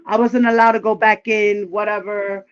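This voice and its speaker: A woman's voice: mid-range voice, level tone, moderate pace, dull audio. A woman telling a personal story in a casual, candid and profane way, often acting out what people said. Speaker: livestream guest.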